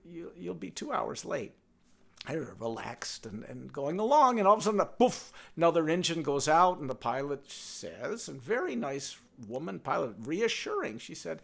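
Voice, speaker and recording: A man telling a folk tale in a lively, halting way, often restarting his sentences and turning aside to speak to his donkey. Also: a little high, vocal fry. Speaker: storyteller. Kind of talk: told folk tale with a puppet.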